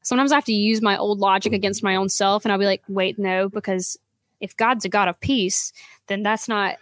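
A woman's voice: mid-range voice, fairly even intonation, brisk, no room sound. A woman guest on a podcast in casual chat, speaking hesitantly and searching for her words.

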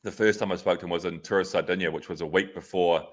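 A man's voice: low voice, fast. A New man co-hosting a podcast, telling stories in loose, swearing casual chat. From New Zealand. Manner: animated anecdote teller, swears casually. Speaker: podcast co-host, former track cyclist.

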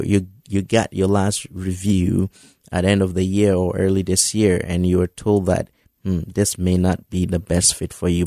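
A man preaching a sermon in an earnest, encouraging way, often halting and repeating words as he restarts his sentences. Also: low voice, gravelly, a little mellow, no room sound, studio quality.

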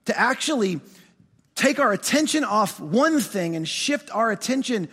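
A man preaching a sermon as pastor, animated, often restarting words and asking his congregation questions. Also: high-pitched, a little slow, slightly rough, in a large hall.

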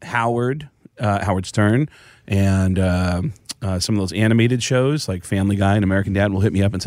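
A male comedian in a studio telling lively stories, quick and animated, dropping into voices as he goes. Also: on the low side, no room sound. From the Bronx, New York. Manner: lively, fast, slips into voices mid-story. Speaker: comedian and voice actor guest. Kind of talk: animated storytelling chat.

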